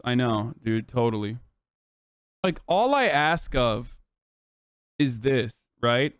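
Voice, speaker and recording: A man streaming his political takes in a fired-up, cursing, exasperated rant. His voice sits slightly higher than most men's and comes through smooth and resonant. The sound is dry and close, with no room echo. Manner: heated, profane, exasperated rant. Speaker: livestreamer. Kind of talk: ranting political commentary on stream.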